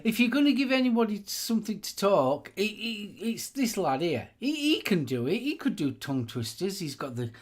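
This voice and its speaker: Self-mocking male co-host, lively voice. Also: sits high, moderate pace, hardly any pauses. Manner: self-mocking banter, laughing while talking. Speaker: co-host of a live stream. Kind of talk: casual live-stream chat.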